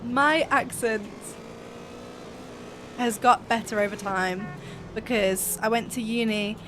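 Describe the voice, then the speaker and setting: A young woman from near Birmingham with a softened Birmingham accent, chatting fast and a bit mumbly as she co-commentates a game stream. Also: mid-range voice, steady tone, over music. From England, near Birmingham. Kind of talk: casual chat over gameplay.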